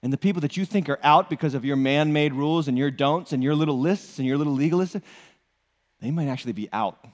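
A man preaching as lead pastor, animated and joking, often asking the congregation questions. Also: a little high, fast talker, long reverb tail. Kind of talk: sermon.

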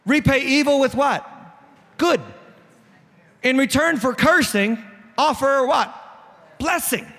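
A man's voice: extremely high pitch, a bit bright. A man pastor with a New England accent preaching a sermon, direct and joking with the congregation. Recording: echoey hall.

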